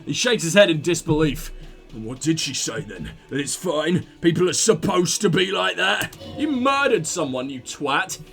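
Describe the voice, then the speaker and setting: A man voicing a gruff, hot-tempered burly union boss in a video game who keeps cursing in angry outbursts. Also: a little high, very animated, moderate pace, fairly bright tone, faint music behind, full character voice. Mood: furious.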